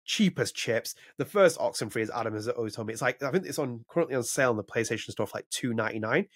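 A man's voice: mid-range voice, animated, quick pace, no echo, clean studio sound. A man co-hosting a podcast in casual chat, rambling and opinionated, with frequent restarts. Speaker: podcast co-host.

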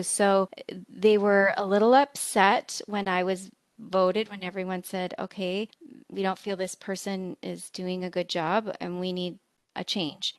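A woman's voice: mid-range voice, dry recording. A woman nursing educator telling a candid, earnest story about her early leadership, speaking thoughtfully in an easygoing conversational way.

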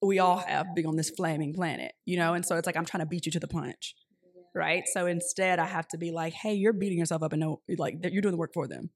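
A woman's voice: on the low side, steady tone, fast. A young woman hosting a podcast, talking casually and candidly with lots of "like" and "literally," and laughing often. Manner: chatty, frequent "like" and "literally"; candid, laughs often, drops to a softer voice when emotional. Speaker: podcast host. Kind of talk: casual chat.

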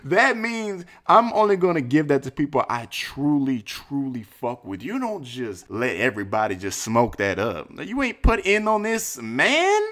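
A man hosting a podcast, telling a story in a casual, profane, animated way and acting out quotes in high voices. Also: a little slow, few pauses. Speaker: podcast host.

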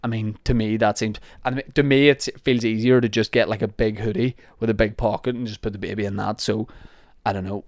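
Man, Northern Irish accent, young adult, podcast host, rambling, jokey, smooth voice, dry sound. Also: medium pitch, darkish tone, no echo. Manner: rambling and jokey, self-deprecating. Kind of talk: casual chat answering listener questions.

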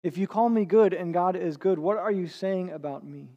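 A man with a high voice preaching an earnest sermon. He speaks conversationally and now and then stumbles and repeats a word as he gathers his thought. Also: moderate pace, dark tone, highs cut off. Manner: earnest, with small restarts and repeated words. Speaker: pastor.

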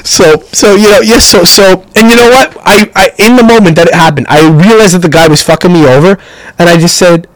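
A young man hosting a podcast, telling stories in a profane, rambling, animated way. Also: high voice, a little fast, dry recording, poor audio. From Canada. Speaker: podcast host. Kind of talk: casual storytelling rant.

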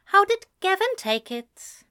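A woman doing a gentle, tender young husband. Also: very high-pitched, sing-song, measured pace, pitched above the performer's own voice, exaggerated voice. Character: gentle soft-spoken adult husband and new father.

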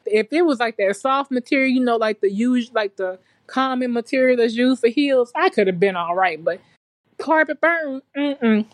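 A young adult woman telling a story in a relaxed, chatty way, as a podcast guest. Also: on the high side, moderate pace, hardly any pauses, no room sound. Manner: relaxed, chatty and colloquial, with frequent fillers. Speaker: podcast guest, nursing graduate. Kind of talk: casual storytelling chat.

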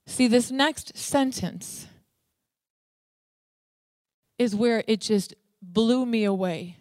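A woman's voice: on the high side, slow, a little mellow, no room sound. A woman preaching a sermon, emphatic, dwelling on single words and repeating them for weight.

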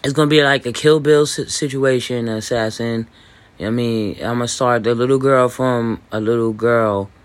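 A man's voice: mid-range voice, fairly even intonation, moderate pace. Rambling, boastful man with hiccups. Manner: loose, boastful, profane, many fillers and restarts. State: hiccuping, clearing throat. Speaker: podcast host. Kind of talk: rambling casual monologue. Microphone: voice message recording.

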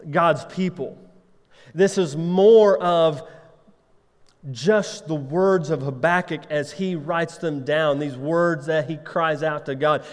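A man's voice: a little high, big-room sound. A man preaching a sermon as pastor, talking conversationally and asking his listeners rhetorical questions.

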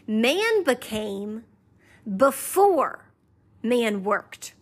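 A woman's voice: a little high, big pitch swings, very slow. A woman hosting a faith podcast, teaching conversationally and repeating key phrases in an emphatic rhythm while inviting listeners to say them back. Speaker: podcast host.

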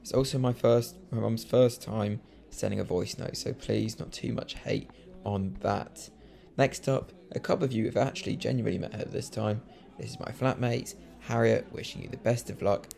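A man's voice: lowish voice, normal speed, vocal fry, mellow. A man hosting a casual podcast, jokey and self-mocking as he introduces clips. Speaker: podcast host.

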